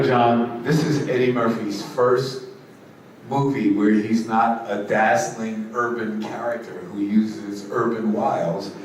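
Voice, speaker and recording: A man's voice: medium pitch, a little mellow. Long-winded man telling stories onstage. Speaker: interview guest, musician. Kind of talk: onstage storytelling interview. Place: conference stage before an audience. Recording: echoey hall, distant mic, crowd and noise.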